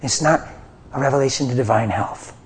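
A middle-aged man preaching a testimony sermon, passionate, swinging from hushed whispers to loud cries. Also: mid-range voice, a little fast, gravelly, a little hiss or hum.

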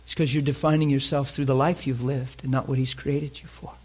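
In his emotional, fervent sermon, a man poses questions to the congregation and alternates between loud emphasis and almost-whispered lines. His pitch is medium, his tone level, and he speaks a little fast.

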